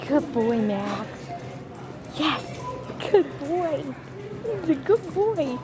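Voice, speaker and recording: A woman's voice: high-pitched, sing-song, very slow. A young woman vlogging with her service dog. She coos at him in a sing-song baby voice and gives him short commands. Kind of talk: casual vlog, giving dog commands. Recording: background noise.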